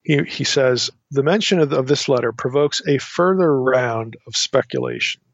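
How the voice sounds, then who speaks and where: A man teaching a Bible study lesson in an unscripted, halting way, often restarting and adding asides as he reads from commentaries. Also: mid-range voice, dry recording. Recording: dry, dull lo-fi recording.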